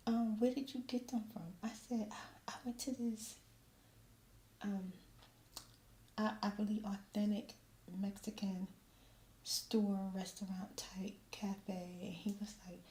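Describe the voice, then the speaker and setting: Soft-spoken woman, echoey room. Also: medium pitch. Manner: animated storytelling, drops into whispers. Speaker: ASMR creator. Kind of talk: soft-spoken storytelling chat. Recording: roomy echo, faint ambient noise.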